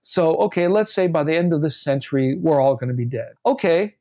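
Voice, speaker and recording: A man's voice: on the high side, expressive, brisk, a little mellow, dry recording. A man, an architect, answering interview questions in an earnest, emphatic way. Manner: earnest and emphatic, tells anecdotes with voiced quotes.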